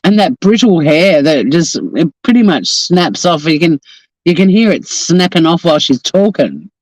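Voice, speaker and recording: His voice sits a little high with big pitch swings and a moderate pace as this Australian livestream host from Tasmania chats outdoors by the coast. He's casual, profane and joking. Audio quality is poor, without echo.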